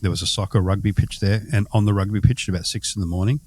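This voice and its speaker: Very deep-voiced Australian man, casual host. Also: steady tone, rapid-fire, a little mellow. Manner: rambling, easygoing storytelling with fillers. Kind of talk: casual conversation about travel.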